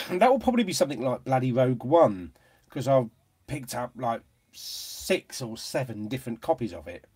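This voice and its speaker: A British man chatting casually to viewers on a live stream. He is jokey and talkative, his pitch rising and falling a lot. His voice has a slightly husky edge. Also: big pitch swings, moderate pace. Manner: chatty, jokey, laughs often. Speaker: host of a live chat stream.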